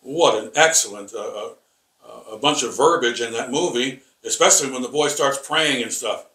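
A man teaching a rambling Bible lesson, halting and repeating words with many fillers, emphatic and combative. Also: mid-range voice, pushed and bright. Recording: echoey room, voice from far off.

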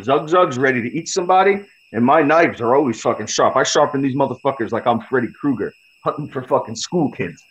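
A man's voice: mid-range voice, a little fast, hardly any pauses. A man, a podcast guest, telling a story in a blunt, heavily profane, casual way. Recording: slightly dull lo-fi audio.

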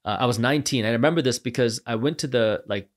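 A man guest on a podcast, telling his stories with animated energy. He jumps into quick impressions of the people in them, and his voice sits at an ordinary middle pitch. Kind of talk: animated storytelling.

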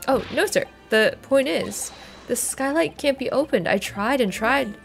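A woman's voice: sits high, expressive, a little slow, creaky, faint music behind, pitched above the performer's own voice, heavily acted. A woman playing a sheepish bumbling male witness. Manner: hesitant, rambling, sheepish.

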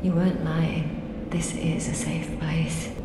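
Gentle northern english courtesan, slow, echoing hall. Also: female voice, low-pitched, little pitch movement, creaky, heavy background noise, full character voice. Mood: grateful. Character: weary working-class courtesan.

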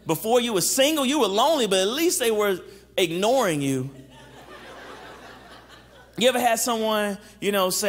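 A man's voice: high-pitched, expressive, moderate pace, pauses often. A man preaching a casual, joking sermon on dating to a congregation, asking them questions. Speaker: guest preacher. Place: church sanctuary. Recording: long hall reverb.

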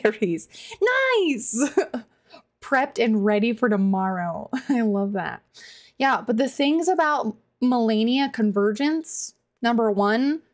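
A woman game streamer chatting casually with her viewers while she plays, laughing often and reacting loudly to the game. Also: a little high. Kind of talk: casual live-stream chat while gaming.

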